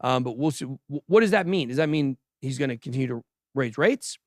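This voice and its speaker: A man's voice: medium pitch, expressive, fairly quick, no room sound, clean studio sound. A man hosting a crypto livestream, chatting casually and bantering boastfully with his crew and the chat. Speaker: host of a crypto news livestream.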